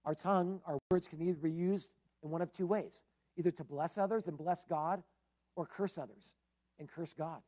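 A man's voice: a little high, fairly even intonation, moderate pace, mellow. Middle-aged male pastor, easygoing teaching sermon, plain-spoken with chatty asides. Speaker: preacher. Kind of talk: conversational Bible-teaching sermon.

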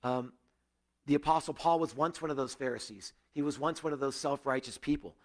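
A male pastor preaching a sermon to a gathered church, earnest, rising to emphatic peaks and dropping to hushed, quiet stretches. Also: fairly quick. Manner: earnest, swinging between raised emphasis and hushed, low passages.

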